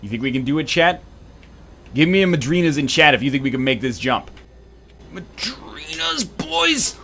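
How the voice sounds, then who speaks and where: Lively, rambling male game commentator. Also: mid-range voice, fast talker. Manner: rambling, jokey tangents. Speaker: let's play host. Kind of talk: casual gameplay commentary.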